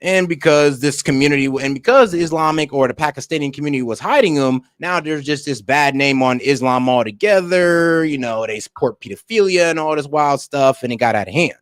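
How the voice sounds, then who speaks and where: A man giving loose, slangy casual commentary as a reaction streamer, thinking out loud. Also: a little high, a little fast, few pauses, no room sound.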